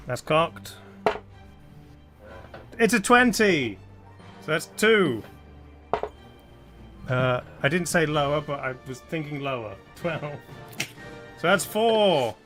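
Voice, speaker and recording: A man with a bright, forceful voice and an unhurried pace leads a tabletop game as its game master. He calls out dice rolls one by one and chuckles often. Soft music plays under him. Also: fairly high pitch, animated. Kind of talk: running a live improvised tabletop game.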